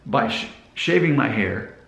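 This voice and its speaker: A man's voice: medium pitch, animated, measured pace, creaky, fairly bright tone. An American man in his forties, a vlogger talking casually to camera and putting questions straight to his viewers. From United States. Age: 40s. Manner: questioning viewers directly, gesturing as he talks. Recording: roomy echo.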